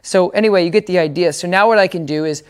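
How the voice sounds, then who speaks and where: A man's voice: sits high, fast talker, clean tone. A man giving a casual dog training demonstration, explaining each step and often checking that listeners follow.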